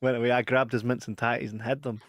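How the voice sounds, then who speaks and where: A man's voice: medium pitch, level tone, fast, no echo, studio quality. Scottish man telling stories with laughter. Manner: laughs through his stories, shrieks impressions. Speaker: podcast co-host. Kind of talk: casual chat.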